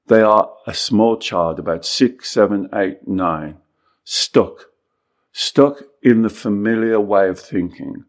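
A man's voice: lowish voice, takes it slowly. A middle-aged man, a life coach, explaining his method in an earnest, repetitive podcast talk.

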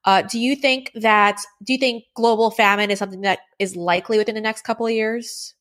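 A woman hosting a news commentary show, presenting stories and interviewing a guest in a brisk, direct manner. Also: medium pitch, steady tone, fairly bright tone. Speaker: show host.

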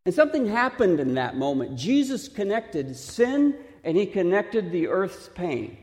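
A man preaching a sermon, originally from Texas, asking the listeners questions and slowing down to stress his points. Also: high-pitched, sing-song, darkish tone. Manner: questioning, emphatic, slows for stress. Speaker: pastor. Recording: reverberant hall.

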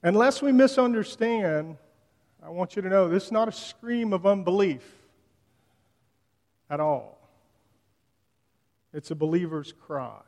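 A man's voice: high voice, expressive, a little slow, long pauses, a little mellow. A man preaching a sermon in a conversational way, retelling scripture in everyday slang. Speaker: pastor. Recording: long hall reverb.

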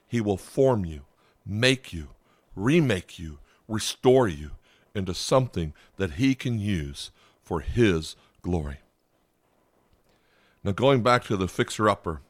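A man's voice: lowish voice, dry recording, clean studio sound. A man preaching a podcast sermon, earnest, repeating key phrases and asking the listener "right?". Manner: earnest, rhetorical tag questions, emphatic repetition. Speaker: pastor.

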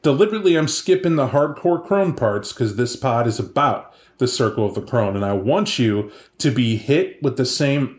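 A man's voice: mid-range voice, animated, normal speed, few pauses. A man hosting a podcast, casually and animatedly retelling a tabletop game session he ran, with many asides. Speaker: podcast host and game master. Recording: echoey room.

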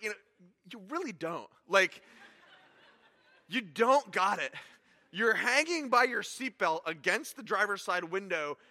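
High-voiced pastor guy, crisp bright tone, telling funny stories in a sermon, echoey church hall. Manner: casual storytelling, animated, self-deprecating humor.

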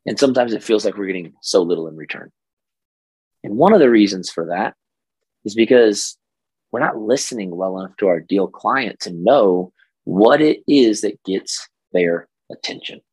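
A hoarse man from Oklahoma hosting a casual solo podcast as a coach, energetic and stammering on repeated words. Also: on the low side, moderate pace, no room sound, low-quality recording. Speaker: podcast host and business coach.

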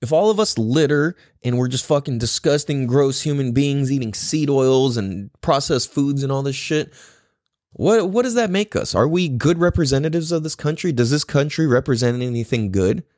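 A man's voice: medium pitch, moderate pace, dry recording, studio quality. A man from the United States hosting a podcast, ranting casually, cursing a lot and laughing often. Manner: profane, animated, laughs often. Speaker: podcast host.

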